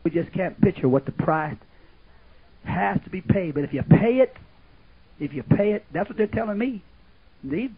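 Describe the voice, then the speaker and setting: Older preacher, folksy and rambling, husky voice, tinny old phone-like tape. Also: male voice, a little high. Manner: folksy, rambling, sudden shouts and laughs. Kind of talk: sermon. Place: church camp meeting. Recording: muffled lo-fi old tape, narrow band.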